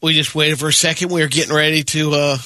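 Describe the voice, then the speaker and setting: A man co-hosting a morning radio show, chiming in with quick wisecracks and short anecdotes. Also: a little high, little pitch movement, pushed and bright. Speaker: radio co-host. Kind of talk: casual radio banter.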